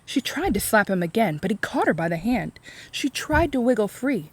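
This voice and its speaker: A woman reading a chapter book aloud for a read-along, expressive and explaining the story in simple terms. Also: medium pitch, moderate pace, slightly rough.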